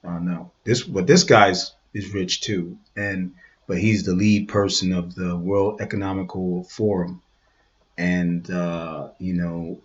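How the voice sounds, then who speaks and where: A man's voice: low-pitched, steady tone, takes it slowly. A man hosting a show, giving rambling, conversational commentary with many restarts. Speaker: show host. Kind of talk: casual commentary over a played video. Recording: dull lo-fi sound.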